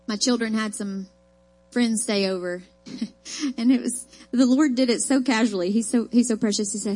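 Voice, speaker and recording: A woman's voice: a little high, fairly quick, a little mellow. Emphatic woman preaching a sermon. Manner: emphatic, folksy storytelling with rising declarations. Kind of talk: sermon with personal testimony.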